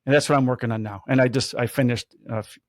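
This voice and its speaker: A police officer in his 50s hosts a podcast, telling stories fast at a medium pitch. He's an animated storyteller who acts out the quotes in this casual chat. The sound is studio quality with no room sound.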